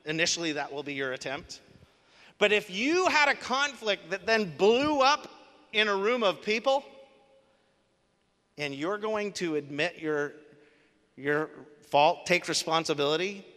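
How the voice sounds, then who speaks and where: A man preaching a sermon to a congregation, animated and emphatic, asking rhetorical questions. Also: high-pitched, measured pace, pauses often. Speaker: pastor. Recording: long reverb of a large hall.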